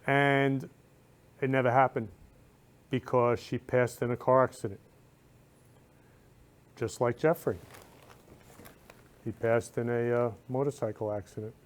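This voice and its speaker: A man's voice: mid-range voice, fairly even intonation, unhurried, pauses often. A man hosting a talk show, speaking with emotion and repeating his words with feeling. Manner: effusive, repeats phrases with feeling. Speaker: host.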